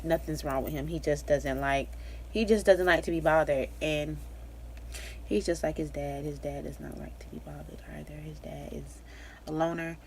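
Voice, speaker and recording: Young woman, low-pitched, rambling casual vlogger, pregnant, faint background hiss. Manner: chatty and rambling, with frequent fillers and laughs. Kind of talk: casual pregnancy update vlog.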